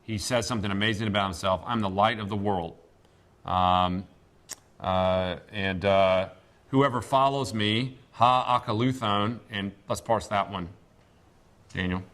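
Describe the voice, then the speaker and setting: A man teaching a classroom Greek lesson, speaking deliberately with many pauses and fillers. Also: low voice, level tone, a bit bright. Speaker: seminary professor.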